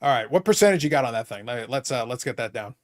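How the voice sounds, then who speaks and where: A man's voice: medium pitch, lively intonation, fast, crowd noise. A man hosting a live stream, reading viewer comments aloud and joking with his co-hosts in casual banter. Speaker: livestream host.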